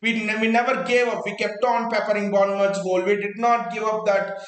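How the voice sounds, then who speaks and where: A man reacts live to a football match as host of a fan watchalong, his voice pitched high and ringing around an echoey room. He is out of breath and excitable, repeating words and stumbling as the thoughts rush out. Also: fairly quick.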